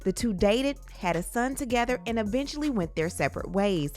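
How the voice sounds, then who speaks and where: A woman hosting a gossip channel, reading scripted narration in a smooth, even newsreader delivery. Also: fairly high pitch, fairly quick, faint music behind.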